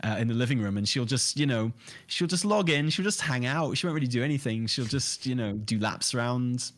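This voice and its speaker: A man's voice: mid-range voice, animated, brisk. A man talking casually as a podcast guest, joking and rambling with laughs. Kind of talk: casual chat.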